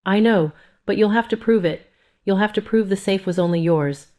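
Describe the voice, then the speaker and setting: A woman reading the lines of a calm, businesslike male family lawyer. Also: medium pitch, lightly acted. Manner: measured, reassuring, businesslike.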